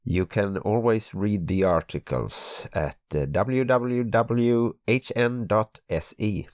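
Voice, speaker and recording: Deep, groggy man with a Swedish accent. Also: a little mellow, no echo, studio quality. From Sweden. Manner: halting, hesitant in English. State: groggy, just woke up. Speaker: podcast co-host. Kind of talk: casual podcast chat. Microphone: podcast microphone.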